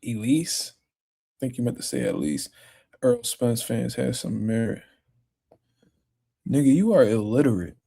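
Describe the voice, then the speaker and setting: Young man, livestream host, casual chat, profane, mellow dark voice. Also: mid-range voice, very animated, a little slow, gravelly, long pauses. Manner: profane, laid-back, heated when arguing with commenters.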